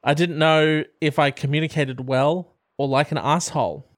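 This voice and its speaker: A man co-hosting a casual chat, telling stories in a wry, animated way and swearing along the way. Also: on the high side, moderate pace, no echo, studio quality. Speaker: podcast co-host reading questions.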